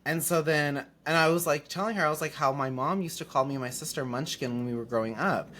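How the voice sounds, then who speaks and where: A young man co-hosting a podcast in casual chat, telling animated stories, swearing casually and laughing often. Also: fairly high pitch, quick pace, a little hiss or hum. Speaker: podcast co-host.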